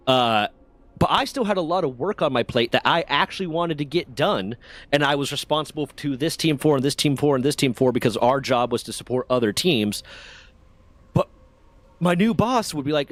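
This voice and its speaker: A man co-hosting a gaming stream, telling candid, profane stories in casual chat with lively swings in his delivery. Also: medium pitch, moderate pace, dry recording. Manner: candid, profane, animated storyteller.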